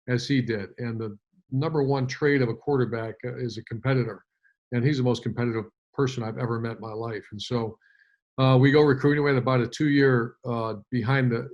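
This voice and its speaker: A man's voice: medium pitch, muffled recording. A man in his fifties, a former head coach, telling a long story in an interview with many fillers and restarts.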